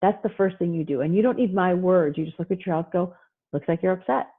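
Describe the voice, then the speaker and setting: A middle-aged woman therapist giving a lively online parenting talk, acting out parents and children as she goes. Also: fairly low pitch, fast talker. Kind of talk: animated online presentation. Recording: husky voice over a tinny phone-like line.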